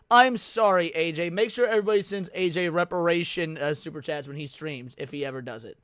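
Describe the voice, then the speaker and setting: A man's voice: on the high side, brisk, few pauses, a bit bright, clear, resonant tone, dry recording, studio quality. A man hosting a casual live reaction stream, rambling, joking and swearing, often restarting his sentences. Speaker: stream host reacting to videos.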